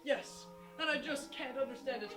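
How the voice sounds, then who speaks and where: A woman's voice: high voice, moderate pace, distant mic, natural voice. A woman playing an earnest, lovesick groom. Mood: pleading. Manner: earnest, pleading. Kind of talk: stage musical acting. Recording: echoey stage sound from afar, music.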